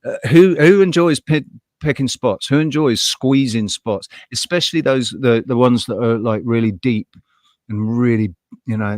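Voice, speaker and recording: A man in casual podcast conversation who rants bluntly and swears freely. He keeps a middle pitch. His voice sounds dry and close, with frequent laughs and restarts. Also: moderate pace, no echo. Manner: heated, blunt ranting with swearing; laughs often, restarts mid-sentence. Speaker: podcast co-host. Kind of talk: casual live podcast chat.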